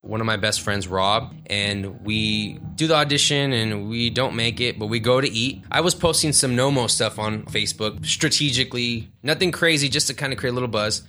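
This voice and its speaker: A man of thirty telling a story in a casual, animated way, acting out the voices of the people he quotes. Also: medium pitch, normal speed, few pauses, faint music behind.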